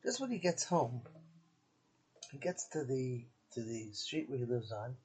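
A man's voice: mid-range voice, very animated, measured pace, a little mellow, slightly rough, low-quality recording. A male rabbi giving a sermon, telling a parable and voicing its characters along the way. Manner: acts out dialogue between father and son in the story. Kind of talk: sermon with storytelling.

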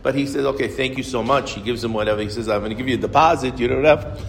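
A man telling a story as a Torah lesson to a small group, lively and often restarting his phrases. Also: mid-range voice, very fast, vocal fry. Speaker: Torah teacher. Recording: reverberant room with faint noise.

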